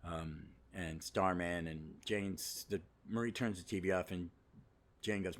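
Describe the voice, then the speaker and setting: A man's voice: low-pitched, a little slow. A man hosting a podcast, giving a casual, rambling comic book review full of asides and fillers. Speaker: podcast host.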